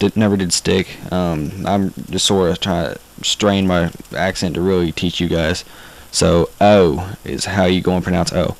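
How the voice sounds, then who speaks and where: Halting low-voiced man giving a tutorial. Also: darkish tone, low-quality recording. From Southern United States. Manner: hesitant, halting, with frequent ums and self-corrections. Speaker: amateur video instructor. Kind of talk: casual home-made tutorial.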